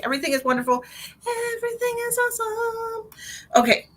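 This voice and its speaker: A woman's voice: high voice, very animated, brisk, a bit bright. A middle-aged woman hosting a live stream as a psychic medium, chatting in a rambling, bubbly way and laughing often. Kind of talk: casual live-stream chat.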